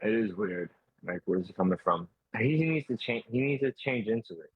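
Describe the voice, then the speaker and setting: A young man co-hosting a podcast in relaxed, halting, slangy chat. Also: fairly low pitch, husky, dry recording, lo-fi sound. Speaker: podcast co-host. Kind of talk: casual chat.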